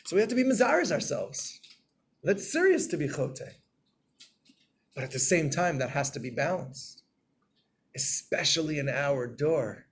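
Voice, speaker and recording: A man giving a Torah class in a storytelling way, acting out scenes and getting loud and animated. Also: a little high, measured pace, pauses often, slight background noise.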